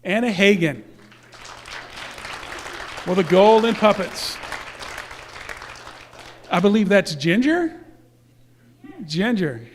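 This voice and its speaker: A man's voice: high voice, big pitch swings, takes it slowly, long pauses, some chatter behind, a little hiss or hum. A man speaking casually to a church congregation, presenting youth awards in a rambling way with fillers and self-corrections.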